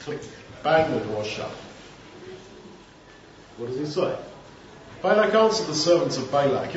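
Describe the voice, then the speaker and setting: A male preacher walks through a scripture passage in a conversational way, full of rhetorical questions and quick acted-out scenes. His voice sits a little high and comes from a distance. The recording is dull and noisy, with a big echoing room. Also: lively intonation. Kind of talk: expository sermon.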